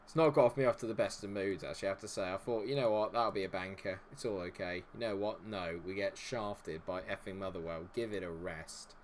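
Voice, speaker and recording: A gaming streamer with a low voice talks briskly and barely pauses, over a faint hiss or hum. He's live-streaming a football management game, groaning and cursing freely at the match in exasperation while chatting with his viewers.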